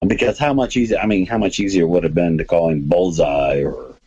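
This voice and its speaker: A man with a low, mellow, breathy voice hosts a podcast, talking a little fast over dull audio. He chats casually and rambles enthusiastically about comics and movies, restarting his sentences often.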